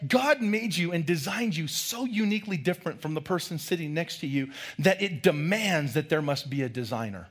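Middle-aged pastor guy, husky voice, loud and jokey sermon, kinda high for a man. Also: fairly quick, hardly any pauses. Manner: loud, animated storytelling with humor. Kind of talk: lively sermon.

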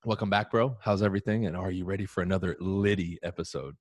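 A man's voice: low voice, fairly even intonation, quick pace, dry recording. A man hosting a live talk show, chatting casually and upbeat with his guest and audience. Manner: upbeat, slangy, talks to the audience directly. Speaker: podcast host.

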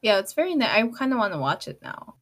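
A woman's voice: mid-range voice, sing-song, quick pace, a bit bright. A young woman co-hosting a podcast, chatting enthusiastically about films with plenty of slang and giggles. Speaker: podcast co-host. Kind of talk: casual chat.

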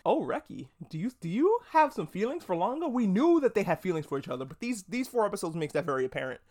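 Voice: medium pitch, quick pace. Podcast host, casual review monologue, gushing and profane. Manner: chatty, swears freely, restarts words; excitable, gushing.

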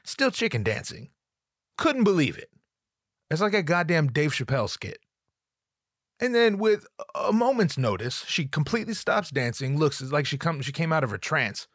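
A man's voice: a little high, very animated, moderate pace, fairly bright tone, no room sound, clean studio sound. A young adult man, a comedian, telling a comedic story with stammering restarts, acting out other people's voices.

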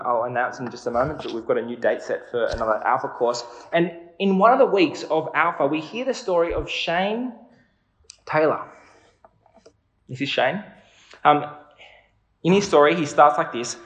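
A man's voice: a little high, animated, normal speed, roomy sound, muffled recording. A man preaching a sermon in an earnest, conversational way, asking his listeners questions.

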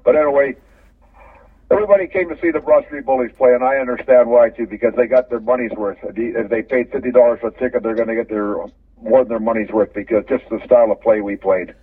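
An older Canadian man tells long, rambling stories, restarting his sentences and chuckling as he goes. His voice is husky and dry. It comes through a thin, phone-like line, set back from the mic. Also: medium pitch, steady tone, fast, no room sound. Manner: rambling, repeats words, chuckles while telling stories. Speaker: guest, former hockey player. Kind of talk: casual storytelling interview. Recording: phone-line audio from a distance.

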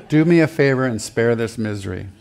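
A man's voice: creaky, a little mellow, a little hiss or hum. A man voicing an exasperated aging prophet who complains to God in a whiny, pleading tone. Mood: despairing. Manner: whiny, high-pitched complaining.

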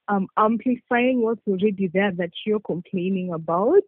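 A podcast guest talking excitedly in casual chat, full of fillers. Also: medium pitch, normal speed, no room sound. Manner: excitable, filler-heavy, says like a lot. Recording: tinny phone-like line, dry.

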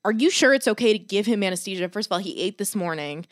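A woman's voice: mid-range voice, fast, no echo. Woman telling an exasperated story in a dry room. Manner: animated storytelling, swearing, voice rises when exasperated. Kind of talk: casual chat.

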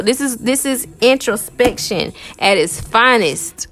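With a fairly high, slightly bright voice and lively intonation, a woman tarot reader takes her time giving viewers a relaxed, encouraging pep talk. She chats loosely, repeats phrases, and uses "y'all" and "man" often.

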